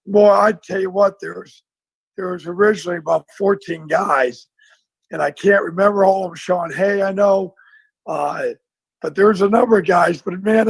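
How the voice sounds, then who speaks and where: A man, a former football coach, telling a lively story in a casual interview and acting out the dialogue. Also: high-pitched, vocal fry, breathy edge, no room sound, rough recording. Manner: animated storyteller, acts out dialogue.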